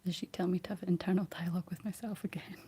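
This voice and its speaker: A young Scottish woman whispering soft ASMR chat, rambling gently to her viewers while she paints, close on the mic. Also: lowish voice, fairly even intonation, racing, breathy edge. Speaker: ASMR livestream host.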